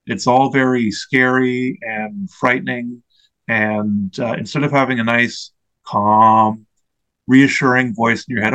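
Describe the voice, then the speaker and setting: A man in his forties speaks as an interview guest, at an ordinary middle pitch. He recounts his own experience earnestly and reflectively, pausing to search for the right words. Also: fairly even intonation, a bit bright, rough recording. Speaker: interview guest, mental health advocate. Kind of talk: personal storytelling in an interview.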